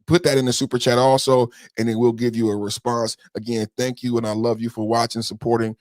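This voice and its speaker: A man's voice: medium pitch, level tone, brisk, a little mellow, dry recording. A male podcast host giving a heated political rant, full of swearing and repeated rhetorical questions.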